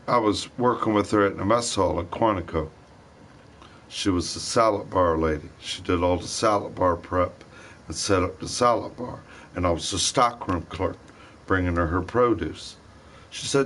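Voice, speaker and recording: A man's voice: low-pitched, moderate pace, fairly bright tone. A man rambling loosely in a casual monologue, drifting and repeating himself. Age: young adult or older. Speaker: vlogger.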